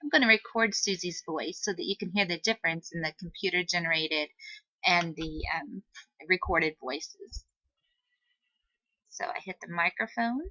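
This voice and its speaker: A woman teacher giving a patient, step-by-step screen-recorded software tutorial on a computer microphone, with "um" fillers. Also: on the low side, normal speed, dry recording, highs cut off.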